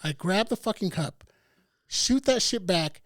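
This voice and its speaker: A man's voice: high voice, expressive, measured pace, no room sound. A man co-hosting a podcast, telling a long profane story in casual chat. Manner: profane, laid-back storyteller. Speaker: podcast co-host.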